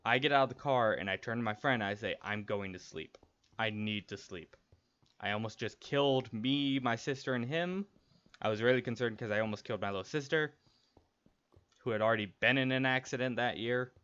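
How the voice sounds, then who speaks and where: This streamer's mid-range voice runs a little fast, clean and a bit bright. Gaming as he talks, the young man tells a personal story casually, candidly, rambling and restarting often, and the stream sounds dull and lo-fi with faint noise.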